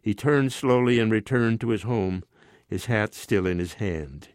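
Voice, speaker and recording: Old man in his 90s reading his own short story, steady and measured, dead dry close sound. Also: fairly low pitch, dry recording. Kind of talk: reading aloud.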